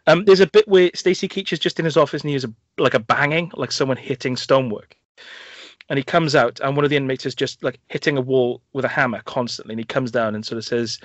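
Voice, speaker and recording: A young man talks films on a podcast, piling up "like" and "um" as he retells scenes he loves. His voice sits at an ordinary middle pitch. The recording is muffled and lo-fi, with a dry sound and no room echo. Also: quick pace. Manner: enthusiastic, rambling storyteller with many fillers and restarts. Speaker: film podcast host. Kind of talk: casual chat reviewing films.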